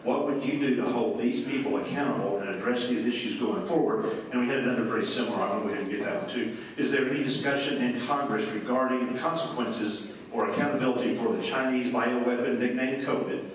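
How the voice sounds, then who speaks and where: A man moderating a town hall, briskly reading out audience questions. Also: medium pitch, slight background noise. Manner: brisk, reads written questions. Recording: echoey hall recorded from a distance.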